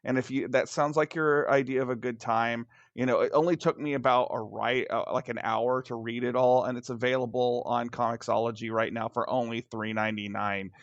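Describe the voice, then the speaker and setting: A man's voice: mid-range voice, fairly even intonation, a little fast, few pauses, no room sound, muffled recording. A man who writes comics, chatting casually and enthusiastically on a podcast, with some restarts.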